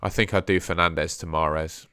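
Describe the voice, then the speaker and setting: A man's voice: deep voice, fairly even intonation, normal speed, pushed and bright, clear, resonant tone, no room sound, studio quality. A young man hosting a casual live stream, chatting and thinking aloud as he sorts out his screen. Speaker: host.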